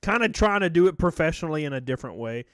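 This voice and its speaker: A man's voice: a little high, expressive, rapid-fire, dry recording, clean studio sound. A man live-streaming in a casual, rambling way, joking, swearing freely and thanking his viewers by name.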